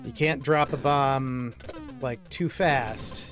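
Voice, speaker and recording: A man's voice: mid-range voice, fairly even intonation, slow pace, over music. A man casually chatting and rambling while he plays video games for his channel, with lots of fillers. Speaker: gaming streamer. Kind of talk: casual let's-play commentary.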